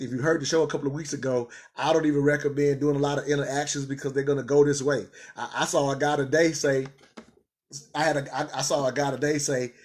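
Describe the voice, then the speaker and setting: A man hosting a casual commentary show, talking in an animated way, laughing and repeating words when he gets excited. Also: on the high side. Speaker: commentary channel host.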